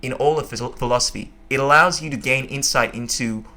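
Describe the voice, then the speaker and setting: A man hosts a casual podcast conversation with a bright, forceful voice. He speaks with emphatic enthusiasm. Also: medium pitch, fairly quick. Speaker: podcast host.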